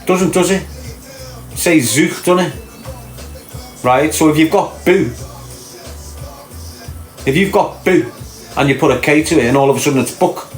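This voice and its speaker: In an echoey room with faint music in the background, a Liverpool-accented man hosts a casual podcast chat. His voice is on the high side and unhurried, and he pauses often while rambling and asking rhetorical questions.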